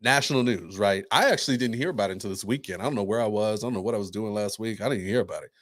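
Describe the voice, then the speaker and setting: Animated man telling a story on a podcast. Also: on the low side, very fast, no room sound, clean studio sound. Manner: animated storytelling, acts out quoted voices. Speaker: podcast co-host. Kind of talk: casual chat.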